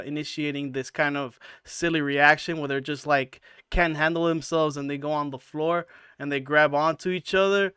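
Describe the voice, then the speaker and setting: A man's voice: on the high side, sharp tone, smooth, no room sound, studio quality. A man hosting a channel, talking over clips in a hesitant way with many fillers. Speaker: channel host.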